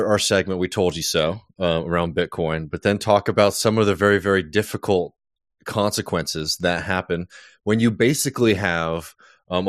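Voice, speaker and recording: A man's voice: low-pitched, no echo, clean studio sound. A man co-hosting a casual political podcast, talking earnestly as he runs through the upcoming segments. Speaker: podcast co-host.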